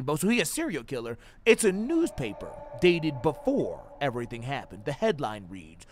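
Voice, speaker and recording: A young man doing loud, profane let's-play commentary on a horror game, screaming at jump scares. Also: medium pitch, huge pitch swings, normal speed, few pauses. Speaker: gaming streamer.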